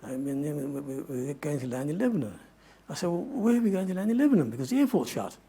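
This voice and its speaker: A man's voice: a little high, animated, quick pace, mellow, slightly rough. An older man giving a talk to an audience, telling a long adventure story in a rambling way and often correcting himself. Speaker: guest speaker.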